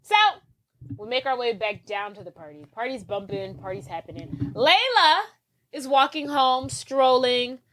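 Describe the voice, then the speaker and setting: Animated woman recapping a movie. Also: fairly high pitch, normal speed. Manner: animated retelling, acting out characters with profanity. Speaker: podcast co-host. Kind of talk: casual movie recap chat.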